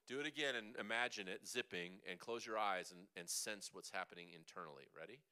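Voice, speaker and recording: A man teaching a vocal seminar as a coach, lively and chatty, demonstrating sounds with his own voice. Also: fairly low pitch, a little fast, clear, resonant tone. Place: church hall.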